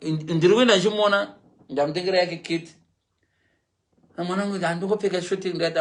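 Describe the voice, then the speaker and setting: A middle-aged man from Zimbabwe with a Zimbabwean English accent, telling comic stories on a livestream in an animated way, mimicking other people's voices and laughing along. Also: high-pitched, quick pace. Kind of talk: animated comic storytelling, switching between Shona and English.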